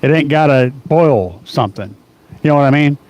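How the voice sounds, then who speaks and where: A man's voice: medium pitch, normal speed, darkish tone. A middle-aged man hosting a casual car audio live stream, rambling with many fillers and easy laughs. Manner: rambling, rough-edged, laughs a lot, lots of fillers. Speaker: car audio livestream host.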